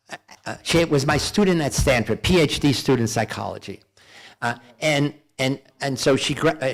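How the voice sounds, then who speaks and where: An older man giving a lecture as a guest speaker, telling a story in a halting way with frequent repeats and restarts. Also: medium pitch.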